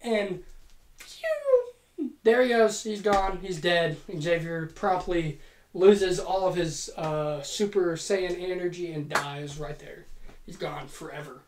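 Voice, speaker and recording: A woman's voice: lowish voice, measured pace, darkish tone, slight background noise. A woman telling a playful, profane story in a casual monologue as a podcast host. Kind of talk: casual fantasy-booking monologue. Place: home room. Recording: echoey home room.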